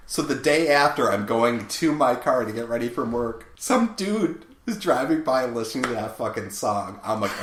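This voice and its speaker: A man's voice: medium pitch, expressive, moderate pace, few pauses, a bit bright, a little hiss or hum. Teasing man in an echoey room. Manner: teasing, joking, profane. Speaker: podcast co-host. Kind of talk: casual chat.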